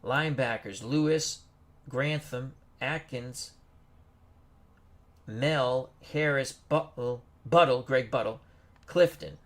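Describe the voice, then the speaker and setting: A man hosting a football strategy game stream, reading out team rosters and greeting viewers in a chatty, unhurried way. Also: medium pitch, fairly bright tone. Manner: slow, chatty, greets viewers and stumbles over names. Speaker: host. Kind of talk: casual game commentary.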